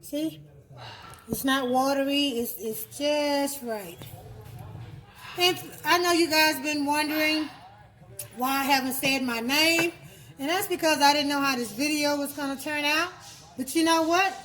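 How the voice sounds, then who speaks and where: Her voice is high and fairly bright, moving at a normal speed on a rough recording. She's a Texas cooking vlogger chatting through a kitchen demonstration of home cooking, homey in tone and prone to repeating words mid-explanation.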